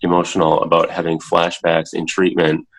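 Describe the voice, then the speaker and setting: A man in his thirties with a very low voice talks as a podcast guest. His speech is halting and full of filler words. When he repeats what he once said, he turns lively. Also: low-quality recording. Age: 30s. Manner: halting, heavy with filler words, animated when quoting himself. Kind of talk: casual interview talk. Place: home, in a child's room.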